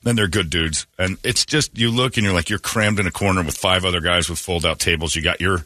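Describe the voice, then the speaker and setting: A man's voice: sits low, fairly quick, bright, forceful tone, no room sound, studio quality. A man who works as a radio host, telling rambling anecdotes in casual chat and acting out quoted lines.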